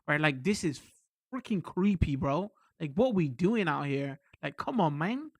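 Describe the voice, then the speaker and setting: High-voiced excitable British man streaming. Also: a little slow, no room sound, studio quality. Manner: rambling, excitable and profane, talking to chat. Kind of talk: casual live-stream chat.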